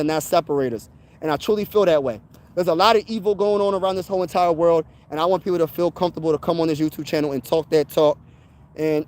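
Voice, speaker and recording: A young man hosting a sports channel, chatting casually on a livestream while walking a trail outdoors, slangy and animated. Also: sits high.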